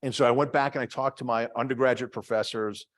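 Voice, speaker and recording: The Boston-accented department head from Massachusetts keeps lecturing his audience in the same chatty, self-mocking way, tripping over fillers and restarts. Here his mid-range voice runs fast with fairly even intonation.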